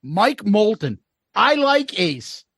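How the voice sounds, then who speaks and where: A man's voice: sits high, sing-song, slow, gravelly, a bit bright, breathy edge, no echo. A man co-hosting a casual podcast, reading listener comments aloud with wry asides.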